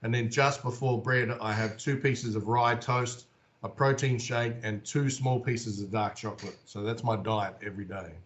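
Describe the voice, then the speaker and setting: A man's voice: mid-range voice, steady tone, moderate pace, muffled recording. A man in his forties with an Australian accent, a guest telling stories animatedly in an interview. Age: 40s. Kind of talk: casual storytelling in an interview.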